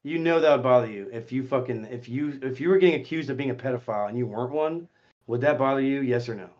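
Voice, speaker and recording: A man hosting a voice chat stream, talking in a profane, confrontational way that swings between muttering and shouting. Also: medium pitch, quick pace, muffled recording. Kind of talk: heated casual voice chat.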